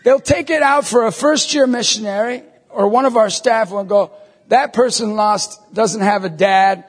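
A man in his thirties giving an emphatic evangelization talk to an audience, telling stories and breaking into shouts. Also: high-pitched, normal speed, breathy edge. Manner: emphatic, storytelling, bursts into shouts. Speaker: Catholic evangelist speaker. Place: large hall before an audience. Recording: long reverb of a hall.

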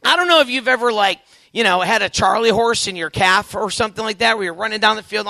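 Man in his 40s, very high voice, bright and sharp, comic camp storyteller, animated, dry close sound. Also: fast talker, vocal fry, dry recording. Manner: animated, acts out voices, punchy asides to the crowd. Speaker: youth camp speaker. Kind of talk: comedic storytelling to a live audience.

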